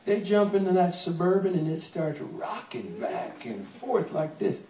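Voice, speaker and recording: An older man, a songwriter, telling a comic story on stage in a folksy, animated way, playing out the people he quotes, to a laughing audience. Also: sits high, unhurried, roomy sound, far from the mic, poor audio.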